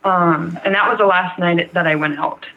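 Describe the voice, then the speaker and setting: A young adult woman with a lowish, fairly even voice tells her own story as an interview guest, speaking at a moderate pace. She's frank and rambling, leaning heavily on "like" and "um." The audio sounds tinny, like a phone line, with a little hiss or hum.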